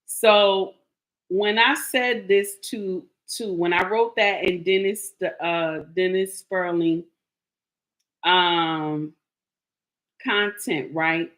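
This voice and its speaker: A woman vlogging casual commentary, telling stories in an animated, emphatic way. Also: on the low side, slow pace.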